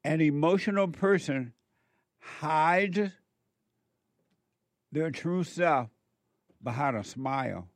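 A man delivers a moralizing monologue in a slightly higher voice, unhurried and emphatic. He repeats words to drive his points home. The sound is close and dry. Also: lively intonation, no room sound.

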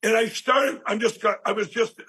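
Husky high-voiced man telling a story. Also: normal speed, low-quality recording. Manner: animated, rambling storyteller who acts out quoted speech. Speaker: interview guest. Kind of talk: personal storytelling.

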